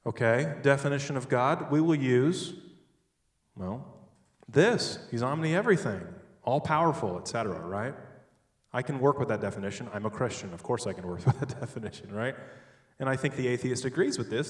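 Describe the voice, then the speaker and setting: A man giving a sermon-style talk on logic, animated and joking, with sudden loud stresses. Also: mid-range voice, brisk, recorded from a distance. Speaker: speaker at a church. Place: large church hall. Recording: echoey hall, picked up from afar.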